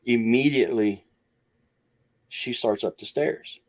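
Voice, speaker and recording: A man's voice: medium pitch, slow pace. A man telling a long story as a guest in an interview, rambling with many restarts and acting out what others said. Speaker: guest researcher.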